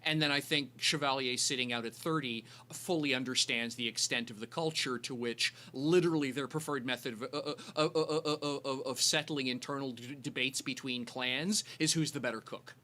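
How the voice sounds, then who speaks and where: A man's voice: medium pitch, moderate pace, few pauses, pushed and bright. A man runs a tabletop game as game master. He rambles through his descriptions, full of fillers and false starts, and keeps circling back to his point. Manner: rambling, many fillers and restarts.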